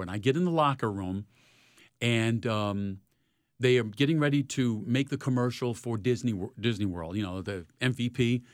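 A retired sports reporter in his sixties, telling lively stories in an interview. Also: dry recording, studio quality. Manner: animated storyteller, rising loud in highlights. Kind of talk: storytelling interview.

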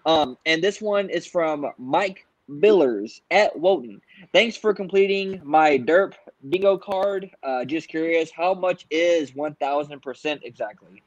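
A man's voice: on the high side, a little slow, dry recording, dull audio. A man moderating a livestream debate, easygoing and reading out viewer super chats. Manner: easygoing, filler-heavy.

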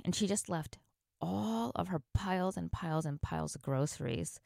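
Low-voiced woman telling a story. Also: creaky, darkish tone, dry recording, clean studio sound. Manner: earnest, reflective storytelling with sound-effect words. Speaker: podcast host. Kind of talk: storytelling monologue.

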